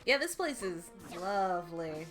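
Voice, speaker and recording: A woman's voice: lowish voice, big pitch swings, measured pace. A young woman streamer giving casual gameplay commentary, joking and swearing to herself as she plays. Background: game music.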